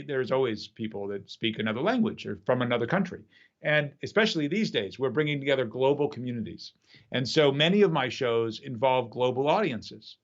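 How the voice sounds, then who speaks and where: A man who performs magic, telling an animated story in a casual chat over a video call from his home studio. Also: mid-range voice, dull audio. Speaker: magician and app creator.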